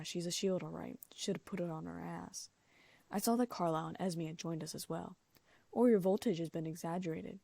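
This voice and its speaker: Woman narrating a story audiobook, dry close mic, bit of vocal fry. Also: lowish voice, dark tone, no echo. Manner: reads all characters in her own voice, with small lifts for dialogue. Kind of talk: first-person audiobook reading of fan fiction.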